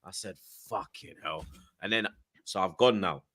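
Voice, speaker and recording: Speaking fairly quickly in a low-pitched voice, a young podcast guest tells a lively story. He's excitable, talks in London street slang and acts out what others said.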